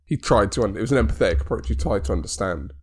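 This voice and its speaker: A man's voice: lowish voice, animated, rapid-fire, a little mellow, husky. A man, co-hosting a chat podcast and earnestly sharing his views. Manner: earnest, reflective, many "like" fillers. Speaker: podcast co-host. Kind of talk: casual chat.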